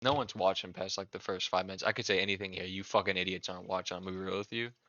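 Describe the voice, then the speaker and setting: Guy ranting and swearing, bright sharp voice, dull lo-fi sound, dry. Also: sits low, fairly even intonation, very fast, no room sound. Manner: angry, profane, ranting. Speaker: video creator. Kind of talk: comedic rant. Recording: dull lo-fi recording.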